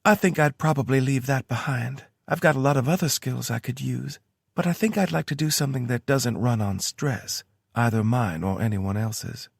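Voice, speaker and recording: A man's voice: medium pitch, normal speed, creaky, slightly rough, dry recording, clean studio sound, voice pushed up. A man voicing a playful, teasing young woman with a Kentucky accent in an audiobook. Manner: teasing, mock-serious. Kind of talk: audiobook character voice.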